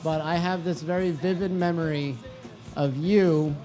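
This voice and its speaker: A man's voice: fairly high pitch, steady tone, a little slow, mellow, faint music behind, low-quality recording. A man who is a guest on a casual podcast, telling a story and teasing the host. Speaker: guest chef, former student.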